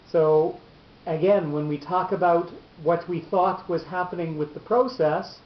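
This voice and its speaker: A man teaching a class on Torah cantillation, explaining patiently step by step and restarting his sentences often. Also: high voice. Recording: echoey lo-fi room recording.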